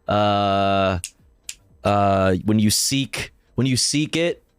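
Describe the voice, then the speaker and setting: A man's voice: fairly low pitch, extremely slow, smooth, no room sound. A male streamer casually reading news articles aloud and commenting, profane and self-deprecating, often stumbling over his words.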